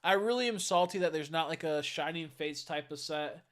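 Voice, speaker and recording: A man's voice: fairly high pitch, moderate pace, a bit bright. A tired man chatting casually on a live stream, rambling and swearing as he greets viewers. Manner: rambling, swearing, stumbles over chat names.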